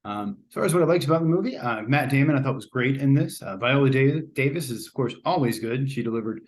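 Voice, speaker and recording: A man's voice: mid-range voice, expressive, fast. A man hosting a casual spoken movie review, chatty and rambling, often hedging and restarting his sentences. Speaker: host.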